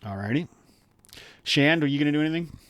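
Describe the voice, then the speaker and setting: A man running a tabletop game as game master, talking in a relaxed, rambling way with many fillers. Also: on the high side, fast talker.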